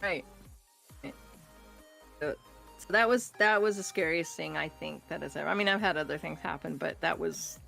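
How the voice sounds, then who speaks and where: A woman casually telling a true scary story on a podcast, animated and acting out the voices in it. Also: sits low, moderate pace, gravelly, long pauses, faint music behind. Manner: animated, acts out voices in her stories, laughs often. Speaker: guest storyteller.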